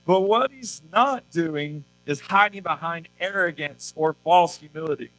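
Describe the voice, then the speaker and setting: A man's voice: a little high, normal speed, few pauses, a bit bright, low-quality recording. A man preaching a youth sermon at a church service in a casual, conversational way, often tossing in rhetorical questions. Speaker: youth pastor.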